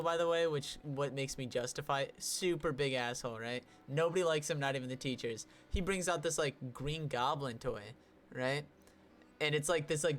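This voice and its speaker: A young man co-hosting a podcast, telling a story in a casual, animated way and swearing often. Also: a little high. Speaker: podcast co-host.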